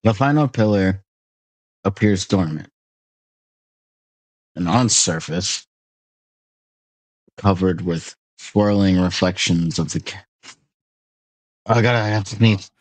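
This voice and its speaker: A man's voice: low voice, slow pace, long pauses, dry recording. A man narrating a tabletop game as game master, in a playful manner with laughs between lines.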